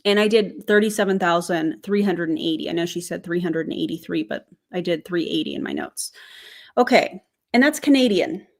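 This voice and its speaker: A woman's voice: fairly low pitch, lively intonation, fairly quick, creaky, few pauses. A woman hosting a reaction commentary video, chatting to viewers and working through calculations step by step. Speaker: YouTube commentator.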